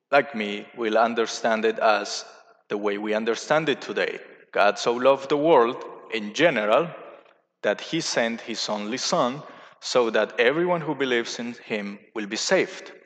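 Slow-speaking priest in an echoing hall. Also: male voice, medium pitch, fairly bright tone. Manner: slow, careful explaining with pauses and restarts. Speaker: Catholic priest. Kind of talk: sermon.

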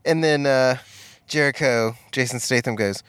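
A man chatting casually on a podcast, retelling movie scenes in an animated, profane, giggly way. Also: medium pitch, moderate pace, clean tone, dry recording. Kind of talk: casual movie-review chat.

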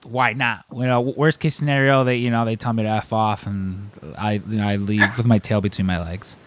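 A man's voice: on the low side, a little fast. Chatty man telling a story. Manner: animated, acts out quoted voices. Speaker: podcast host. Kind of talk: casual storytelling chat.

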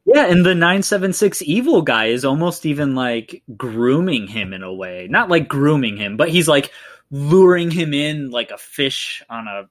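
A man's voice: on the high side, big pitch swings, moderate pace. A man co-hosting a podcast, casually talking through a film with many fillers. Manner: rambling, heavy with fillers like "like" and "you know". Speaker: podcast co-host.

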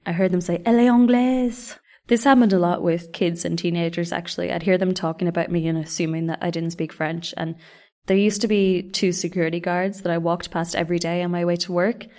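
A woman in her young adult years talks through stories of living abroad. Her voice sits a little low, and her manner is chatty and self-deprecating. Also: level tone, fairly quick, darkish tone. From Ireland. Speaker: vlogger. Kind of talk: scripted travel storytelling.

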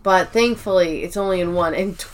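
Co-hosting a podcast, this young adult woman speaks in a fairly low pitch as she casually goes over a TV episode. She performs the characters' lines in quick little voices.

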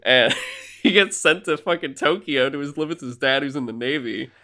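A man's voice: fairly high pitch, normal speed. Man rambling through a casual movie recap. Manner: rambling, animated movie recap with acted-out quotes and laughs. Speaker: podcast co-host. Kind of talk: casual chat.

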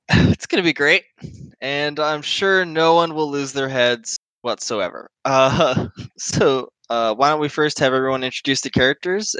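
A man's voice: mid-range voice, fairly bright tone, clear, resonant tone, no echo, low-quality recording. A man running a tabletop game as game master, talking casually with wry, playful jokes.

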